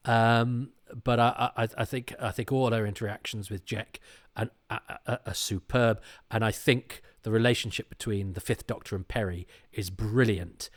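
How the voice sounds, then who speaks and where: A middle-aged man hosting a podcast, talking in a casual monologue with animated, indignant storytelling. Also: on the low side, moderate pace. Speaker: podcast host.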